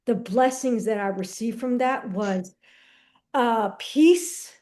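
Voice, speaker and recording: Woman guest, lively storyteller, high voice, casual slang, acts out conversations. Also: slow. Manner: animated storyteller who acts out dialogue. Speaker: podcast guest. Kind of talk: personal testimony in casual conversation.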